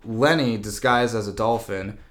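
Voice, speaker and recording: A man's voice: on the low side, measured pace, a crowd in the background. Rambling casual guy retelling a film. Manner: rambling, heavy use of "like" and "blah, blah". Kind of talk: casual chat retelling a movie plot.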